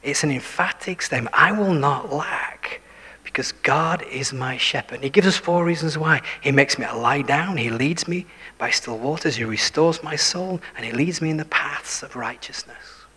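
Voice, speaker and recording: A man preaching a sermon, dropping to hushed whispers for emphasis and putting questions to his listeners. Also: a little high, normal speed, husky. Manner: shifts between full voice and hushed whispers for emphasis; self-deprecating, asks the listeners questions. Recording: long hall reverb.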